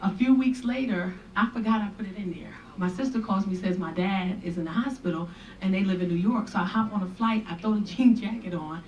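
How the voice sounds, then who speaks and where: A woman comedian telling a profane, animated stand-up story to a live audience. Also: medium pitch, fairly quick, recorded from a distance, lo-fi sound. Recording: stage recording with loud crowd. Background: audience laughter.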